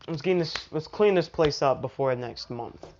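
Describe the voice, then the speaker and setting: Girl doing a shy teen boy hero, kinda low voice, muffled recording. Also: normal speed, a little mellow, slight background noise, natural voice. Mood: earnest.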